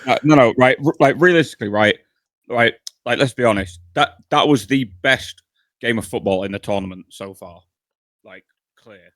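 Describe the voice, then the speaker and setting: A young man, co-hosting a podcast, chatting excitably and repeating himself. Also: medium pitch, normal speed, dry recording. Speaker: podcast co-host. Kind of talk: casual chat.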